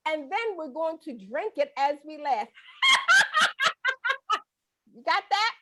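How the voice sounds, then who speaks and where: A woman's voice: sits high, animated, slow, very noisy. A middle-aged woman leading a guided breathing and laughter class over a video call, playful, folksy and coaxing. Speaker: laughter exercise instructor.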